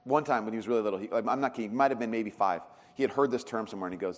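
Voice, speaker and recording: A man preaching a sermon as a pastor, telling stories with animated swings in pitch and loudness. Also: very fast. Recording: long reverb of a large hall.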